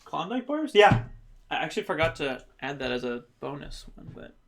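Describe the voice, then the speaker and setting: A man's voice: a little high, very animated, moderate pace, gravelly, crowd noise. A man hosting a livestream, chatting playfully and laughing as he reads viewer comments. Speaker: livestream host. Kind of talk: casual chat reading viewer comments.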